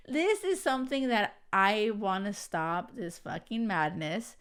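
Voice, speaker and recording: A young woman hosting a podcast, talking emphatically and excitedly, swearing freely. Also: mid-range voice, measured pace, few pauses, clear, resonant tone. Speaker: podcast host. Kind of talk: casual podcast chat.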